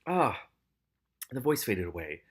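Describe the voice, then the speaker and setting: Animated man reading aloud with commentary. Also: mid-range voice, normal speed, vocal fry. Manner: animated, breaks off to react and exclaim. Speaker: reader and commentator.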